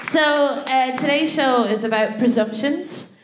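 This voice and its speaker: An Irish woman co-hosts a live comedy show from a theatre stage, telling a story in a high, unhurried voice over crowd and background noise. She's chatty, laughs often, and keeps asking "right?" along the way. She's a comedy podcast co-host.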